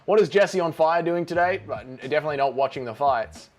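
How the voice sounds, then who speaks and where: A man's voice: fairly high pitch, expressive, fast talker. A man hosting a casual watch-along livestream, joking around and reading out chat messages. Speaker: livestream host.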